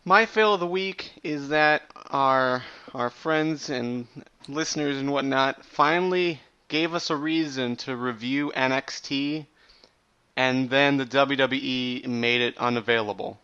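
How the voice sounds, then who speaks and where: Co-host, smooth bright voice, earnest and a bit halting, lo-fi line. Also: male voice, medium pitch. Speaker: podcast co-host. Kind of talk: casual chat.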